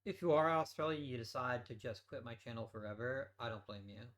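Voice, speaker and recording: A man with a mid-range, fairly bright voice talks briskly while hosting a let's play. He thinks aloud through casual gameplay commentary and swears offhandedly.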